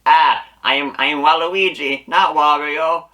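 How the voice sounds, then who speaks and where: Waluigi, a man putting on a high, theatrical villain. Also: steady tone, unhurried. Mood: boastful. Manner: raised put-on voice, shouty declarations. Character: lanky scheming male villain, theatrical.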